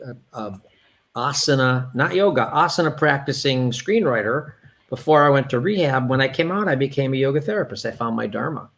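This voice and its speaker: A man's voice: mid-range voice, lively intonation, fairly quick, gravelly, a bit bright. A man, a yoga therapist, chatting candidly as an interview guest with many restarts. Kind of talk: casual conversational interview.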